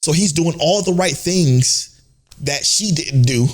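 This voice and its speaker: A man's voice: on the high side, slow. A man co-hosting a casual anime podcast. He rants animatedly, swears freely and acts out the characters' lines as he retells scenes. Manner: animated, profane ranting, acts out quoted characters. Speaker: podcast co-host.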